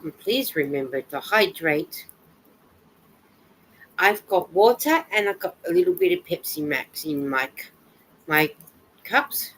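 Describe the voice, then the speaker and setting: A woman hosting a casual live chat from home while she knits, greeting viewers by name, reading their comments aloud, and adding soft sympathetic asides. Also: fairly low pitch, low-quality recording. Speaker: livestream host.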